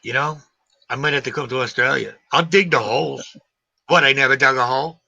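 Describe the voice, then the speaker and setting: A man in his forties hosting a live stream, chatting in a rambling, animated way and swearing casually. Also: mid-range voice, fairly quick, creaky, no echo. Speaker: livestream host. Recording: dull lo-fi stream audio.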